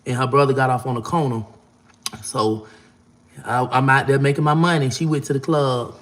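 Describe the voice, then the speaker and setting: A man's voice: mid-range voice, steady tone, normal speed, fairly bright tone. A man, casually telling a long, profane story. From Florida. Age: 40s. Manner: profane, rambling, acts out quotes in a raised voice. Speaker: vlogger.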